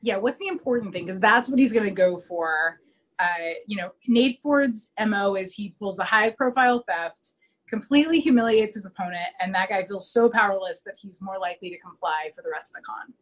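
A woman co-hosting a podcast in casual chat, retelling a TV episode with animated storytelling. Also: mid-range voice, brisk, low-quality recording. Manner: animated storytelling, acts out characters' lines. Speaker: podcast co-host recapping a TV episode.

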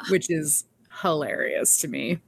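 A woman's voice: low-pitched, lively intonation, measured pace, creaky, slightly rough, no echo. Woman co-host, chatty recapper with a light laugh, dry close sound. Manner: chatty, laughs often, quotes characters. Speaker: podcast co-host. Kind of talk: casual recap chat.

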